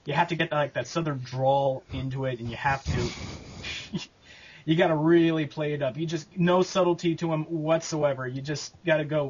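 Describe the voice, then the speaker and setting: A man answering interview questions about making his abridged series, talking casually and haltingly with lots of fillers and restarts. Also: on the high side, slightly rough, highs cut off. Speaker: abridged series creator and voice actor.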